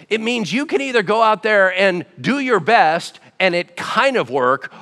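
Energetic male pastor, bright voice with a wide range, conversational sermon, long church-hall reverb. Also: high voice. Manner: animated, conversational preaching with acted-out dialogue.

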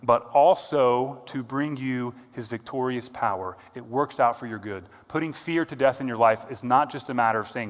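A man's voice: mid-range voice, moderate pace, hardly any pauses. Man preaching in a reverberant hall. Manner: earnest, builds to emphatic peaks then drops quiet. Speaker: pastor. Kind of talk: sermon.

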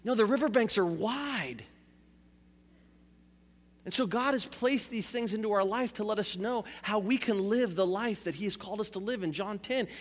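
A man's voice: sits high, normal speed, in a large hall. A male pastor preaching a sermon in a church, asking rhetorical questions and repeating phrases for emphasis.

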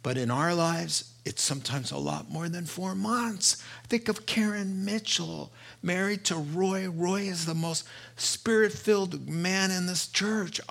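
A middle-aged man delivers a sermon as pastor, his slightly raised voice carrying a gravelly edge. He talks in an earnest, storytelling way and climbs higher when he acts out the dialogue of an anecdote. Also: bright, forceful tone.

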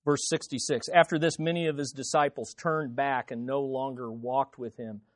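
A man preaching a sermon as pastor, swinging between loud emphatic peaks and quiet low phrases, repeating words for emphasis. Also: fairly even intonation, moderate pace, no room sound, clean studio sound. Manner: preaching with wide swings in loudness and pitch.

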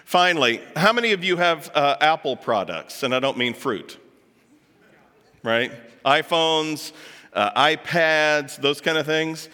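Bright-voiced man talking in a reverberant hall. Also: fairly high pitch, expressive, a little slow, clean tone. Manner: chatty, joking asides, puts on voices for quotes. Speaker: speaker addressing an audience. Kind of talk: lively talk to a live audience.

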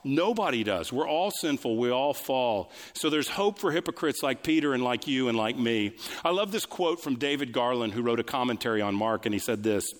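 A male pastor delivering a sermon, building lines through repetition and swinging between raised and hushed delivery. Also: expressive. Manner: preaching with sweeping pitch swings, quick asides and repetition. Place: church sanctuary. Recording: long reverb of a large hall.

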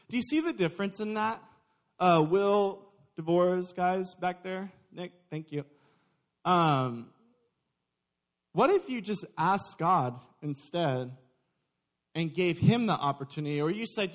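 High-voiced young man preaching a sermon. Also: slow, pauses often. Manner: lively, joking with the congregation. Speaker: pastor.

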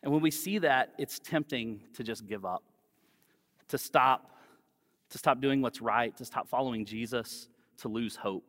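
A man preaching a sermon as pastor, speaking gently and conversationally and weaving in personal stories. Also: mid-range voice, a little slow. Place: church. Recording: long reverb of a church hall.

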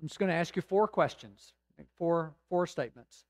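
A man with a fairly high voice preaches a sermon to his congregation, building to emphatic peaks and then easing into slow, hushed reflection. The sound is dry and close, with little room echo. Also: lively intonation. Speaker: pastor.

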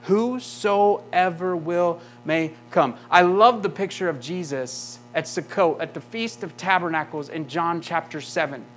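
A man's voice: a little high, measured pace, few pauses, a bit bright, soft background music. A male pastor preaching a sermon, emphatic, often asking the congregation rhetorical questions.

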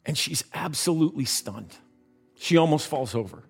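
A man's voice: a little high, expressive, normal speed, gravelly, breathy edge, soft background music. A man preaching a sermon, telling a story in a conversational way and dropping his voice at tender moments.

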